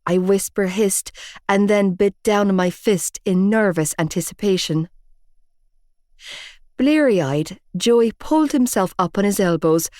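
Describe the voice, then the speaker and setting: A woman narrates a first-person audiobook slowly, in a low, darkish voice. The recording is dry with clean studio sound.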